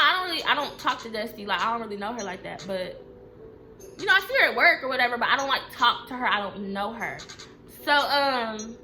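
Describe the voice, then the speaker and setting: A young woman telling a casual storytime, profane, emphatic and animated. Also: a little high, a little hiss or hum.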